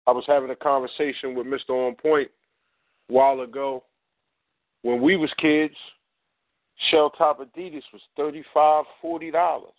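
A man's voice: on the high side, little pitch movement, normal speed, long pauses, dry recording. A man co-hosts a call-in radio show, making his points in a conversational, emphatic way and speaking straight to the listeners. His voice is dry and comes through a thin, tinny phone line. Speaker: talk radio co-host. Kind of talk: casual talk radio commentary.

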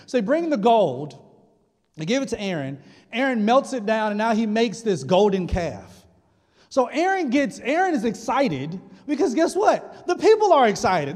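A man's voice: very high voice, very animated, moderate pace, darkish tone. A male pastor preaching a sermon, retelling scripture in a casual, humorous way. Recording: long hall reverb.

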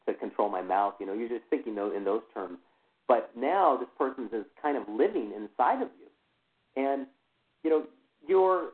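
A man tells his own story as an interview guest, stopping and restarting as he goes and leaning on "you know" between thoughts. His voice sits at an ordinary middle pitch. It comes through a thin, tinny phone line. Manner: halting, full of "you know" fillers and restarts. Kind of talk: personal account in an interview.

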